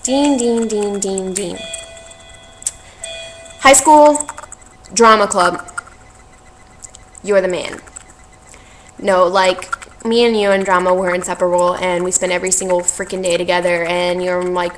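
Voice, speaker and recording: A woman's voice: fairly low pitch, fairly even intonation, unhurried, long pauses, slight background noise, rough recording. A young woman, talking in a heartfelt, rambling way and teary as she thanks family and friends in a vlog. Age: young adult. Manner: heartfelt, rambling, tearful with laughs. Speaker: vlogger. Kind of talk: emotional thank-you vlog.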